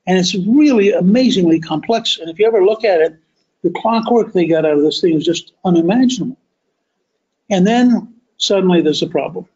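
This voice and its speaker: A man hosting a podcast, telling a history story as a deliberate, emphatic monologue that stretches key words. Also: high-pitched, a little mellow, lo-fi sound. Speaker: podcast host.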